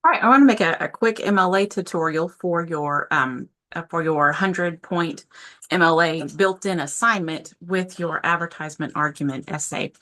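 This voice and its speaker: A woman's voice: on the low side, moderate pace, a bit bright. A woman instructor giving a casual, informal screen-share tutorial from a home office, often correcting herself mid-sentence. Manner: chatty, self-correcting, informal. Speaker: composition instructor.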